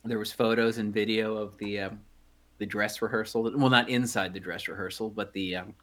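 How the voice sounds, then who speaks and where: A man's voice: on the low side, steady tone, moderate pace, fairly bright tone. Rambling man co-hosting a podcast. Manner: rambling, many fillers and restarts. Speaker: podcast co-host. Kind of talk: casual chat.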